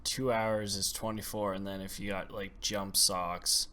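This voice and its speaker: A man's voice: lowish voice, flat delivery, measured pace, sharp tone. A man in casual chat among friends, joking and teasing.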